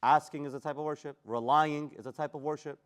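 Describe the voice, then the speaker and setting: A man teaching a Quran class, animated and quizzing his students in casual street phrasing. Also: a little high, fast, clear, resonant tone. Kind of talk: classroom lesson on Quran tafsir.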